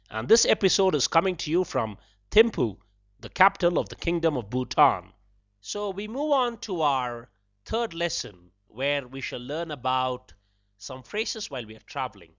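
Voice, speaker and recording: A man hosting a podcast language lesson, patiently repeating phrases slowly and breaking them into single words. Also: a little high, very animated, fairly bright tone, dry recording. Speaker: podcast host teaching a language. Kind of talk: slow spoken language lesson. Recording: dull lo-fi dry recording.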